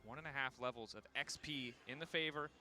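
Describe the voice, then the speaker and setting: A man doing rapid, punchy play-by-play commentary on an esports match. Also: mid-range voice, bright, forceful tone. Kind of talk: live sports commentary.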